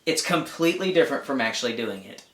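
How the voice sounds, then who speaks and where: A man's voice: medium pitch, fast talker. Laid-back guy talking outdoor trips, kinda rambly, echoey room. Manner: relaxed, rambling, lots of "like". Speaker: outdoor channel co-host. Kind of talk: casual chat.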